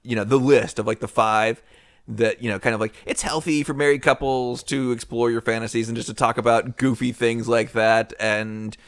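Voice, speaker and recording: A man's voice: medium pitch, level tone, moderate pace, no room sound, studio quality. A man co-hosting a podcast in casual chat, wry and joking with mock-dramatic asides. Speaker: podcast co-host.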